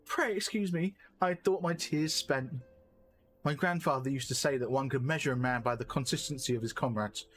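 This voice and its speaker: A man's voice: mid-range voice, a little fast, fairly bright tone, soft background music, lightly acted. A man reading the lines of an earnest, formal young male elf leader, solemn and remorseful. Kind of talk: reading game dialogue aloud.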